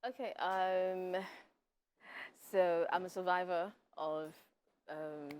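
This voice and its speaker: Soft-spoken woman, low voice. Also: steady tone, takes it slowly, smooth. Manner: soft-spoken, hesitant with fillers. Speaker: filmmaker and advocate guest. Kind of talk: TV interview. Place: TV studio.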